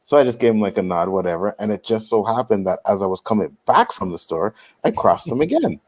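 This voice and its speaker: Low-voiced man telling stories on a panel. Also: quick pace. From Canada. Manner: animated storyteller, repeats "you know what I mean". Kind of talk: casual panel chat.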